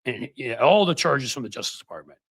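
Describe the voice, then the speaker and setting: A man's voice: medium pitch, animated, brisk, husky, no room sound. A man hosting casual political commentary, full of sarcastic, mocking asides.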